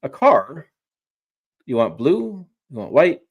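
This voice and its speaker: A man's voice: mid-range voice, very animated, slow pace, creaky, breathy edge, narrow, tinny audio. A man speaking as a guest on a livestream, chatting casually and enthusiastically, with frequent restarts and rambling asides. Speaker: guest truck reviewer.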